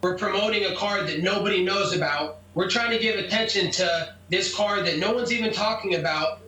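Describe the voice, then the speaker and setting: Brash, high-voiced man in echoey room. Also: sharp tone. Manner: brash, profane, combative. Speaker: MMA fighter. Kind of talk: interview, telling a story. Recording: echoey room, mic at a distance.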